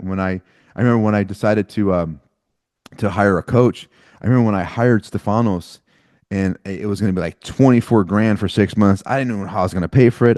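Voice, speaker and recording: In clean studio sound with no room echo, a podcast host speaks in a fairly low, darkish voice. He shares a personal story in blunt, profane, candid conversation, dropping casual slang such as "dude" and "bro."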